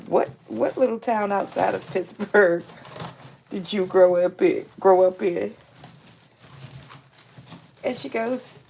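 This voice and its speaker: A woman's voice: medium pitch, slow, creaky, pauses often, darkish tone, slight background noise. A woman, hosting a casual live stream, telling folksy stories and acting out other people's lines while she crafts. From Aliquippa, Pennsylvania. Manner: chatty storyteller who acts out other people's lines; folksy, calls listeners honey.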